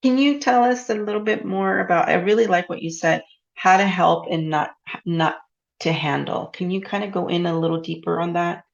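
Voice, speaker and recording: A woman's voice: on the low side, moderate pace, gravelly, muffled recording. A woman hosting an interview, asking reflective questions and affirming her guest. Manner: reflective, with frequent affirming murmurs. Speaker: host. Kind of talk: casual interview chat.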